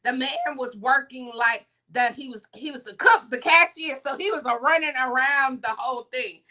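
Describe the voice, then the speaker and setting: Bright, high-voiced woman telling a story. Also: moderate pace. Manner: animated, acts out the people in her stories. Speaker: morning show co-host. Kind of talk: casual anecdote storytelling.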